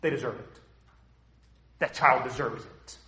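A man's voice: mid-range voice, a little slow, sharp tone, roomy sound. A man voicing a hateful ancient man who refuses any pity, speaking with defiant emphasis.

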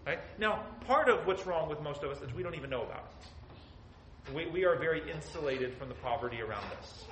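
A man preaching an expository sermon, swinging between soft and loud and acting out quotes. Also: a little high, expressive, fairly quick, echoey room, a little hiss or hum, low-quality recording.

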